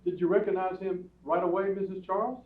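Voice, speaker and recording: A man's voice: high voice, fairly even intonation, fast talker, lightly acted. A man playing a matter-of-fact police lieutenant questioning a couple in a radio play. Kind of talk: community radio theatre acting. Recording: echoey hall, far from mic, phone-like.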